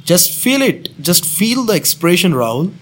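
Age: adult. Sex: man. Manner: pushy smooth-talking pitch. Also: sing-song, moderate pace, a little hiss or hum. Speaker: prank caller. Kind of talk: prank phone call.

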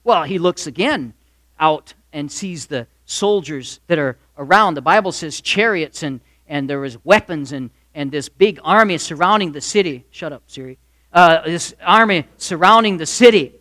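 A man preaching a sermon, retelling a Bible story in an animated way and acting out the voices of its figures. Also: a little high, normal speed. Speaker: pastor.

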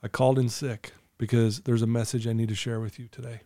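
A man's voice: medium pitch, flat delivery, fast, warm tone, no room sound, studio quality. A middle-aged man telling a personal story in casual conversation, earnestly acting out the dialogue. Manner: earnest, acts out quoted dialogue. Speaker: guest telling his story.

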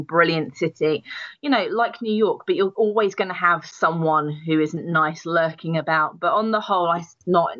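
A woman from London with a London accent, chatting as a podcast guest, talking in quick bursts with frequent restarts and laughs. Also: lowish voice, fairly bright tone, dry recording, muffled recording. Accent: London English. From London, England. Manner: chatty, self-interrupting, laughs often. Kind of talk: casual podcast chat.

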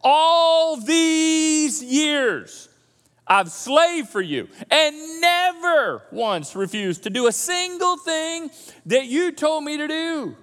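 A bitter, resentful grown son, put on by a preaching man, airs his grievances in a high, lively voice. His raised complaint rings through a hall with a long echo. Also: takes it slowly, full character voice. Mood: aggrieved. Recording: long church hall reverb.

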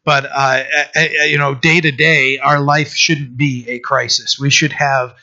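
A man's voice: mid-range voice, flat delivery, a little slow, sharp tone. A middle-aged man preaching a conversational sermon, rambling, with many restarts and fillers. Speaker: pastor. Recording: dull lo-fi sermon recording.

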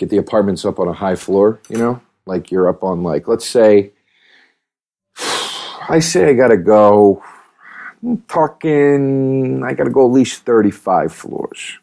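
Ranting man with a deep, mellow voice. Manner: rambling, animated, profane rants. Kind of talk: comedic monologue.

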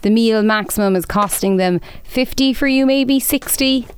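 A woman's voice: fairly high pitch, normal speed, slight background noise. A woman co-hosting a podcast, talking bluntly in casual chat and reading out listener letters. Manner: blunt, chatty, reads listener letters aloud. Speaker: podcast co-host.

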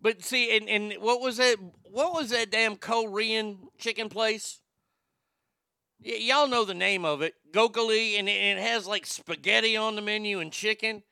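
A man's voice: high-pitched, fairly even intonation, moderate pace, creaky, sharp tone, clean tone, dry recording, studio quality. A middle-aged man, rambling casually and profanely as he reads from a chat. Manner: profane, folksy, rambling with restarts. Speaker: livestream host reading chat.

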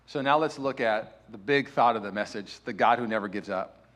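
A young adult man preaching a sermon as pastor in a church sanctuary, building to loud, impassioned peaks. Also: fairly low pitch, a little fast, a little hiss or hum.

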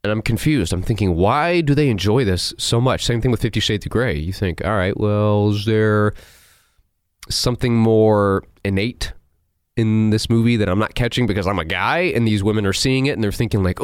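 A man hosting a movie review show, ranting in an animated, sarcastic and incredulous way. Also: on the low side, moderate pace, no room sound, studio quality. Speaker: host.

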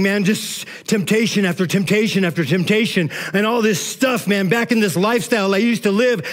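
High-voiced pastor preaching with energy. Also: male voice. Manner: energetic, informal, says "man" often. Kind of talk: sermon.

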